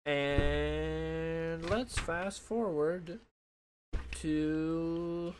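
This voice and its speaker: Young man, slightly high voice, casual comic review, rambling with fillers, desk mic. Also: steady tone, extremely slow, slight background noise. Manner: loose and rambling, many fillers. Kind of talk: casual solo review talk. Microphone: desk microphone.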